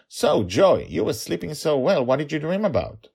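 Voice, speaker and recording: A man's voice: a little high, very animated, normal speed, vocal fry, darkish tone, slightly rough, pitched above the performer's own voice, heavily acted. A man voicing a playful, absent-minded father who teases his daughter. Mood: teasing. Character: goofy forgetful father, teasing.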